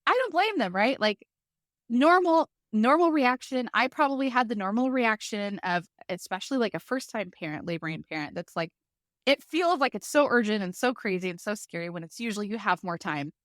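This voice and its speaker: A woman guest on a podcast telling a personal story in a lively way, full of "like" fillers. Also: on the high side, fairly quick, dry recording, studio quality. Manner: lively, vivid retelling with many fillers like "like".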